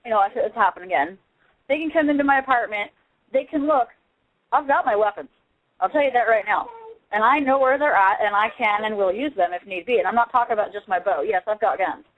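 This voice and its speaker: A woman's voice: medium pitch, quick pace. A woman calling in by phone, speaking defiantly and with emphasis. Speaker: caller. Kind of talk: phone-in talk. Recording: tinny phone line.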